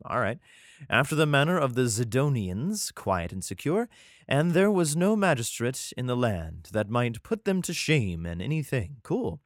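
A man's voice: medium pitch, big pitch swings, moderate pace, dry recording, clean studio sound. A man reading scripture aloud and breaking in with irreverent, sarcastic, profane comedic remarks.

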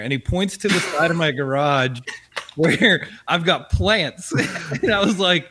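A man's voice: mid-range voice, a little slow, a little hiss or hum. A man casually telling an annoyed story on a podcast, swearing and laughing a lot as he goes. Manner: animated, profane, laughing often.

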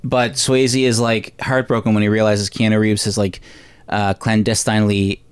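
Animated man recapping a movie. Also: normal speed, clear, resonant tone. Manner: animated, rises high when ranting. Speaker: podcast co-host. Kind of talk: casual movie recap chat.

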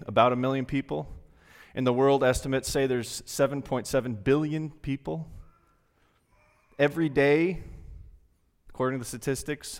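Earnest male pastor, echoing sanctuary. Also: mid-range voice. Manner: earnest, conversational preaching with dramatic pauses. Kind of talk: sermon. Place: church sanctuary. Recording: long reverb from a large hall.

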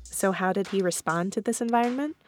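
A woman hosting a podcast, giving scripted narration in a clear, guiding tone. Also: medium pitch, brisk, soft background music. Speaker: podcast host.

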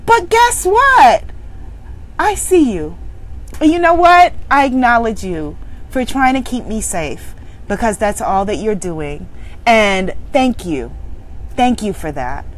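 A woman working as a spiritual business coach, giving a motivational speech in an emphatic, preachy way that swings from loud exclaiming to low, intense affirmations. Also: a little hiss or hum.

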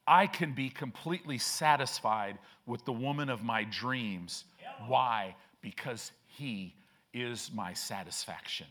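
A man's voice: medium pitch, takes it slowly, a bit bright. A man preaching a sermon as pastor, emphatic and repetitive, with frequent restarts.

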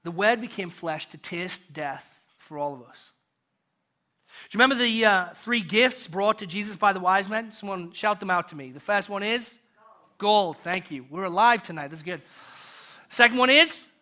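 A British man delivers a sermon in a notably high voice. His tone is bright and ringing, and he moves between loud, rising questions and quiet, hushed answers. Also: normal speed. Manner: rhetorical questions, builds and drops in volume. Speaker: pastor.

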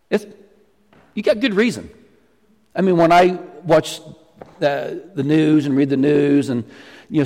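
Animated man preaching in a reverberant hall. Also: on the high side. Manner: animated, jokes with the congregation. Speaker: pastor. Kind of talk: sermon. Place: church sanctuary.

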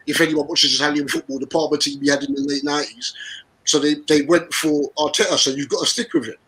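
A man chatting about football on a podcast, animated and playful, laughing often. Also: a little high, fast, husky, poor audio. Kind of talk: casual football chat.

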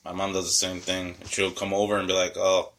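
Male co-host, 30s, low and forceful tone, wry exasperated storyteller. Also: completely flat delivery, quick pace, a little hiss or hum. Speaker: podcast co-host. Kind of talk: casual chat.

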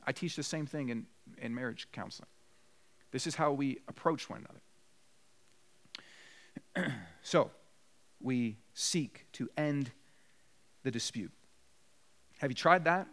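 A man's voice: medium pitch, unhurried, pauses often, fairly bright tone. A man preaching a sermon as pastor of his church, earnest and direct, acting out apologies as little bits of dialogue. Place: church sanctuary.

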